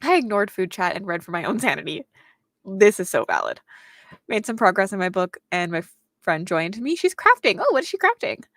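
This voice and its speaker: A woman's voice: medium pitch, big pitch swings, a little fast, fairly bright tone, dry recording. A young woman hosting a casual reading livestream, reading viewer comments aloud and chatting back to them. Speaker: booktuber host reading chat aloud.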